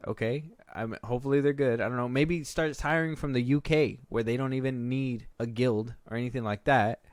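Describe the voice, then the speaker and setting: A young man co-hosting a podcast in casual chat, rambling and getting animated when he jokes. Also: mid-range voice, brisk, hardly any pauses, no echo. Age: young adult. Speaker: podcast co-host.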